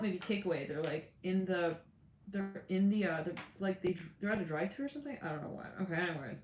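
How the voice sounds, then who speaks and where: A woman giving a casual, rambling tarot reading who often laughs and acts out what people say. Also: medium pitch. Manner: rambling, voices quoted figures, laughs often. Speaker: tarot reader. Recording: echoey room with faint ambience.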